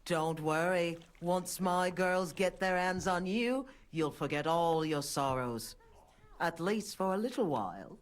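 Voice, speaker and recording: A worldly bathhouse madam from a medieval video game, played by a woman, soothing and knowing. Her voice sits very low, and she talks slowly. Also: close to an everyday voice. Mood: reassuring. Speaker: game character.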